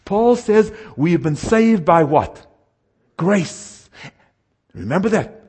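A man preaching a sermon, slowing down to stress verses and asking the audience questions. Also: high-pitched, animated, a little mellow, slightly rough. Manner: emphatic, slows down to stress scripture, asks audience questions.

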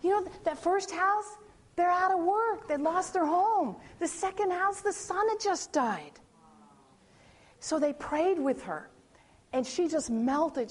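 High-voiced woman telling a story. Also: measured pace. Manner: animated storytelling with acted-out quotes and frequent restarts. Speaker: churchgoer sharing a personal testimony. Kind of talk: personal storytelling.

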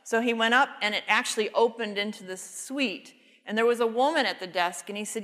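Bright-voiced woman teaching in a reverberant hall. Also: medium pitch, steady tone, normal speed. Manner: earnest, retells a story with quoted dialogue. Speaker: Bible teacher. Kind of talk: devotional teaching with storytelling.

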